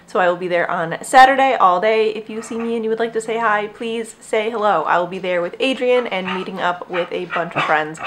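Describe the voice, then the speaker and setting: A young woman hosts a knitting podcast from home, chatting casually and rambling in a brisk, mid-range voice with hardly any pauses. She often breaks off to talk to her dog, with dogs around the house.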